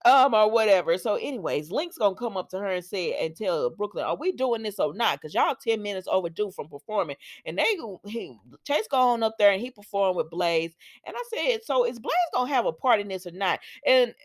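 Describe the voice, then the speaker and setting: A woman giving a chatty, sassy spoken recap, talking straight to viewers and acting out the characters' lines in quick bursts. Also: medium pitch, big pitch swings. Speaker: soap opera recap host.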